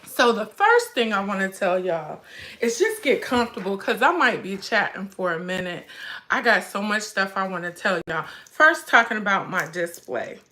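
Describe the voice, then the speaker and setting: A woman's voice: mid-range voice, animated, moderate pace, pushed and bright. A woman, hosting a casual handbag livestream, chatty and emotional, fighting back tears. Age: 40s. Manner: chatty, addresses viewers as y'all. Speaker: handbag vlog host.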